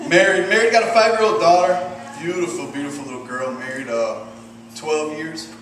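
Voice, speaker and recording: A man in his thirties from Michigan doing a stand-up set, deadpan and profane with self-deprecating asides. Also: a little high, fairly quick, a little hiss or hum. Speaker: stand-up comedian. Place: comedy club stage with audience. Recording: roomy distant club recording, loud ambience.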